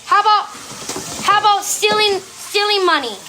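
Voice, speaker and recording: A woman's voice: very high voice, normal speed, background noise. A woman livestreaming a defensive, profane rant at her commenters, firing rhetorical questions and barking commands at her dog.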